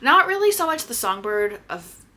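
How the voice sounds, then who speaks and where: Bright-voiced woman gushing about books. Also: high-pitched, moderate pace. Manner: animated and gushing, swears casually, addresses viewers as y'all. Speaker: book vlogger. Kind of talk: casual chatty book review.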